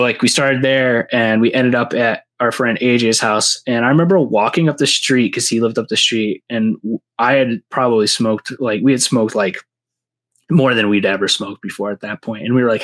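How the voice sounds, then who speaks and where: Rambling New man telling stories. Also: mid-range voice. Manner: rambling, full of "like" and restarts. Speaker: podcast guest, seed breeder. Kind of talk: casual storytelling.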